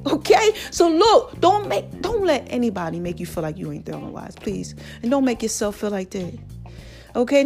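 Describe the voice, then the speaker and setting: A woman hosting a casual motivational podcast, preachy and animated, her voice cracking and tired. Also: on the high side, moderate pace, soft background music. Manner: preachy, animated, calls listeners baby and child. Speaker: podcast host.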